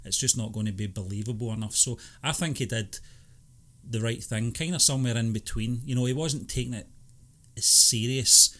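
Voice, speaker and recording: A man co-hosting a film review podcast who talks in a relaxed, hesitant way, often agreeing and filling pauses with "you know". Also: medium pitch. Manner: hesitant, many ums and you-knows, agreeable. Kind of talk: casual chat.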